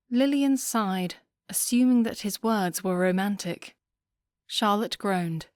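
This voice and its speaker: A woman narrating a romance audiobook in a calm, even storytelling manner. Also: medium pitch, slow pace, dry recording, clean studio sound.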